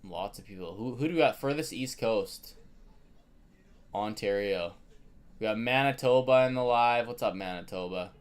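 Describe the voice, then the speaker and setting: A man's voice: lowish voice, normal speed. A young Canadian man hosting a live card break stream, chatting casually and greeting viewers by name.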